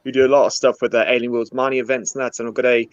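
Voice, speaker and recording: A man joining a casual online chat as a guest, quick and eager, talking over a video call. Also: medium pitch, flat delivery, no room sound. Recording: dull, dry video-call audio.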